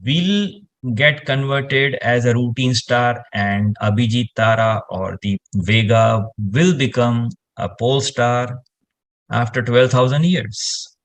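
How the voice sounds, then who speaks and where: A man's voice: mid-range voice, takes it slowly. A man, explaining space science in casual conversation and rambling with lots of "you know" fillers.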